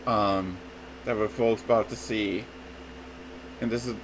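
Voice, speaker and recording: Slow, rambling man reviewing a trailer. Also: lowish voice, fairly even intonation, background noise. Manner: rambling, often says "folks", restarts. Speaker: YouTube reviewer. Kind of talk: casual spoken movie trailer review.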